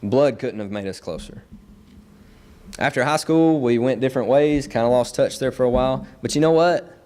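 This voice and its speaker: A man's voice: mid-range voice, moderate pace, a little mellow. A young man preaching a sermon in a church, earnest and building his points through repeated phrases. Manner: earnest, repetitive emphatic phrasing.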